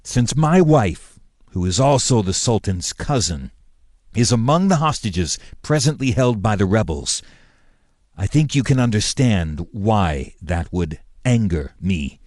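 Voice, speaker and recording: A man voicing a formal, indignant male governor who speaks in a measured way with pointed emphasis. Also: on the low side, expressive, darkish tone, no room sound, studio quality.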